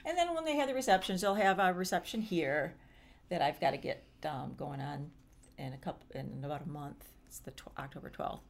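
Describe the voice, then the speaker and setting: Chatty middle-aged woman, low voice. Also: fairly quick, gravelly. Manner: chatty, rambling with fillers. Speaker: co-host. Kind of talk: casual chat.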